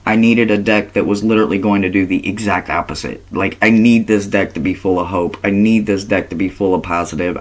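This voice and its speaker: A man chatting casually in a vlog as a tarot reader, animated and quick to laugh, swearing freely. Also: on the low side. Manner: slow, drawn-out delivery.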